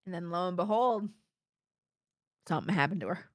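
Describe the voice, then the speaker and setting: A woman's voice: fairly low pitch, expressive, fairly quick, no echo, clean studio sound. A young woman streaming a video game, giggling and chatting casually as she reacts to it. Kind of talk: casual gameplay commentary.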